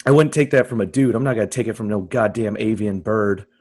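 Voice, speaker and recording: A man's voice: lowish voice, fast talker, a little mellow. A young man co-hosting a comedy podcast, riffing crudely in casual banter with a friend. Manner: riffing, crude, jokey, puts on brief silly voices. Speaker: podcast co-host.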